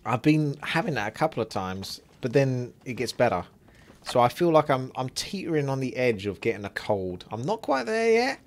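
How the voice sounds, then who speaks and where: A man's voice: mid-range voice, animated, moderate pace. A man streaming a game live, chatting casually with rambling asides and a slight sore throat. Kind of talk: live gameplay commentary.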